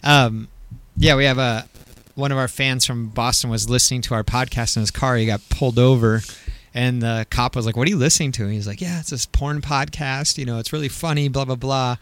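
Fast-talking male podcast host. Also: medium pitch, fairly even intonation, fairly bright tone, no echo. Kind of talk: casual chat.

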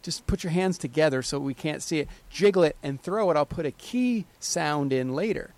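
A man's voice: a little high, moderate pace. A man co-hosting a podcast, telling stories in casual, profane chat. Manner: swearing, storytelling, animated. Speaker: podcast co-host, film director.

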